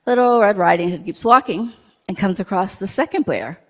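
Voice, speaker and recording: A woman's voice: mid-range voice, animated, normal speed, fairly bright tone. A woman in a church service telling a playful story to children, asking them questions as she goes. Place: church sanctuary.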